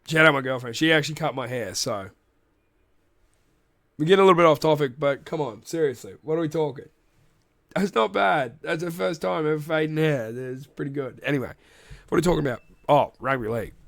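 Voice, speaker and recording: An Australian man hosts a casual sports recap podcast, rambling and joking with plenty of swearing. His voice sits slightly high for a man. The sound is close and dry. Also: vocal fry, a bit bright, dry recording. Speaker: podcast host.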